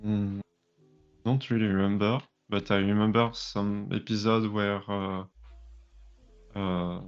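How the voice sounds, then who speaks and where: Soft-spoken man, a little low. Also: level tone, slow pace, clear, resonant tone, dull audio, faint music behind. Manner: hesitant, many fillers, soft-spoken. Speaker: guest artist. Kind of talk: casual stream chat.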